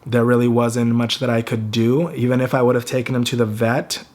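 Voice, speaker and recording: Young man, personal vlog, grief-stricken, stuttering and halting, close to tears, mid-range voice. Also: mid-range voice, flat delivery, darkish tone, soft background music. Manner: grieving, halting, with a stutter and repeated words. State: fighting back tears. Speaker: vlogger.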